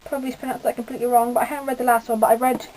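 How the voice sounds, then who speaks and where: A woman's voice: on the high side, level tone, racing, a little mellow, a little hiss or hum, poor audio. A teenage girl from the UK giving a rambling, gushing casual book review with lots of fillers. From United Kingdom. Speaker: book vlogger.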